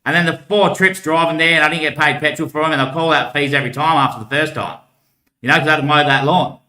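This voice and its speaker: A man's voice: fairly high pitch, fairly even intonation, quick pace, bright, forceful tone. A man talking in a long rambling monologue, laughing between thoughts. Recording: echoey room.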